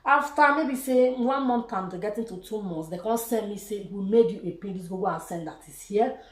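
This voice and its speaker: A woman's voice: medium pitch, fairly quick. A Nigerian woman vlogging a joyful testimony, praising God and slipping into pidgin as she talks. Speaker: YouTuber. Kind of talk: casual vlog testimony. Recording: echoey room.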